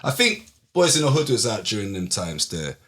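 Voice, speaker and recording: A young man with a London accent tells stories in a casual podcast chat. His voice is bright and forward, and he slips into other people's voices as he tells them, with street slang throughout. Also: on the low side, moderate pace. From England. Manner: animated storyteller, acts out voices, slangy. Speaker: podcast guest, rapper.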